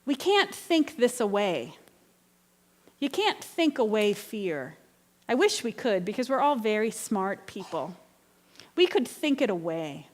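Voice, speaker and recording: Woman preaching in a reverberant hall. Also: a little high. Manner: earnest, conversational preaching with personal storytelling. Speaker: guest minister. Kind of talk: sermon. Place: church sanctuary.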